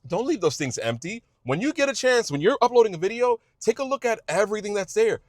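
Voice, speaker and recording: A man's voice: high voice, animated, fast, no room sound, studio quality. A man giving passionate advice to other video creators, emphatic and repetitive, with frequent restarts and a casual "y'all". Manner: informal speech, says y'all. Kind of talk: passionate direct-to-camera advice.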